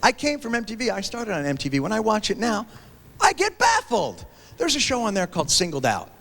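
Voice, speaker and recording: A man in his thirties performing a stand-up comedy routine on stage, acting out characters in quick voices, recorded from a 1990s TV special on VHS with audience laughter. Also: high-pitched, wildly swooping pitch, a bit bright. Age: 30s. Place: theater stage before a live audience. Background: audience laughter and applause.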